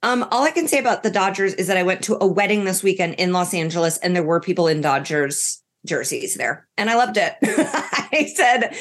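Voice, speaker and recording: A woman's voice: mid-range voice, lively intonation, a little fast. Joking woman comedian co-host. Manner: joking, emphatic. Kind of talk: casual sports chat.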